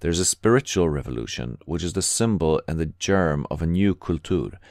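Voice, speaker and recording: A dreamy young poet muses on spiritual rebirth in an audiobook reading, voiced by a man. The delivery is lofty and reflective, low-pitched and dry. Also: expressive, fairly quick, vocal fry, a little mellow, no room sound. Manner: thoughtful, lofty.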